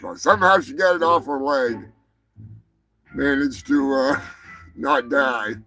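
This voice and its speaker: Guy hosting a live show, swears nonstop, rambles loud then mumbles, music going under him. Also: medium pitch, takes it slowly, low-quality recording. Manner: profane, rambling, swings between loud outbursts and mumbling asides. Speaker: show host. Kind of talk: crude live-stream rant.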